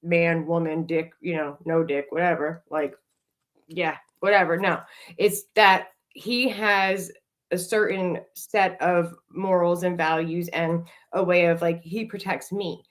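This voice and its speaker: Blunt, low-voiced woman telling stories. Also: steady tone, measured pace. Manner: blunt, laughs often, swears freely. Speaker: podcast host. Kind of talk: candid storytelling chat.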